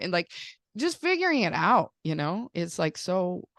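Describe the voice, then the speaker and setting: Chatty mom host, dry close sound. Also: female voice, fairly low pitch, normal speed, dry recording. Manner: chatty, says "like" often, animated storytelling. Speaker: podcast host; mother of young children. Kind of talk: casual chat.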